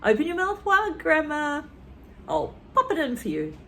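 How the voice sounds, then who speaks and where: Cheeky little boy acted by a woman reader, pitched up high, innocent-sounding, storybook. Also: huge pitch swings, moderate pace, a little hiss or hum, exaggerated voice. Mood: eager. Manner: bright, falsely innocent and eager. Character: cheeky, sly young boy.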